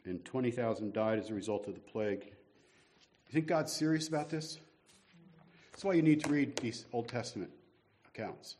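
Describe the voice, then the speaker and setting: A man's voice: medium pitch, moderate pace, pauses often, darkish tone. A man in the middle of a sermon, talking to his church plainly and conversationally. He asks the congregation rhetorical questions and pokes fun at himself as he goes. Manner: conversational, self-deprecating humor, rhetorical questions. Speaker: guest preacher.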